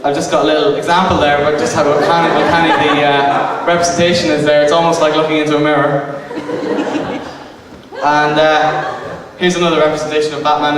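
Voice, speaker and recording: Self-mocking man lecturing in an echoey hall. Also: fairly high pitch. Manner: hesitant, self-mocking, many ums and restarts. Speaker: comic lecturer. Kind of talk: stand-up style comic lecture. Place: arts centre venue with live audience. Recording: echoey hall recorded from far off, noisy.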